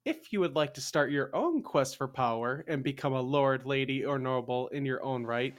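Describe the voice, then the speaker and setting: A man's voice: medium pitch, animated, normal speed. A man co-hosting a casual history podcast, chatty and jokey, often trailing off and restarting. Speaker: podcast co-host.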